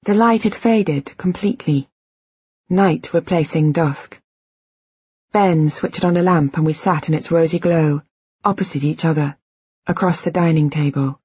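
A woman narrating a novel in the first person, measured and quiet. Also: low-pitched, breathy edge, dry recording, dull audio. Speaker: audiobook narrator.

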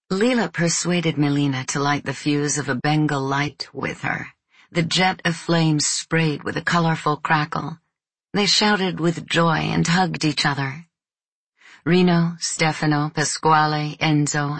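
A deep-voiced woman narrates a novel as an audiobook, keeping her pace measured and her tone even. The recording has no echo.

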